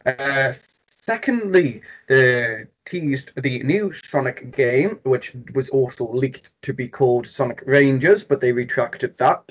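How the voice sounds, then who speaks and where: A young man with a Geordie accent from North East England, co-hosting a casual gaming podcast with quick, jokey, rambling talk. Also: mid-range voice, lively intonation. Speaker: podcast co-host. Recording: dull lo-fi podcast audio.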